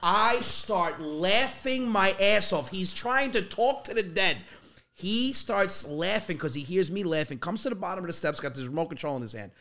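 Bright-voiced storytelling man. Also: high voice, brisk. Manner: animated, lively storyteller. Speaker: comedian guest. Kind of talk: casual storytelling.

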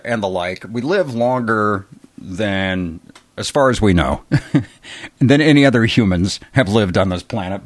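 A man's voice: fairly low pitch, dry recording. A man in his fifties talking alone in a bedroom, a rambling, self-deprecating solo monologue with chuckling asides. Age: 50s. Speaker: podcast host.

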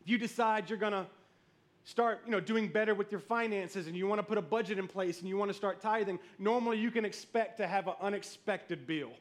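A man's voice: sits high, brisk. A man in his thirties preaching a sermon as pastor, telling stories and calling out to the congregation. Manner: storytelling, animated, calls out to the congregation.

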